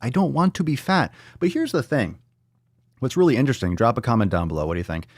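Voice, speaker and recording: A man's voice: mid-range voice, animated, quick pace, no room sound, studio quality. A man hosting a daily livestream podcast, ranting in a fiery, profane way. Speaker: host.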